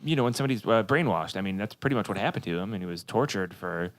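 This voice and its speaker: A man's voice: fairly low pitch, lively intonation, racing. A man co-hosting a podcast, chatting casually about a cartoon episode and laughing as he quotes lines. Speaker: podcast co-host.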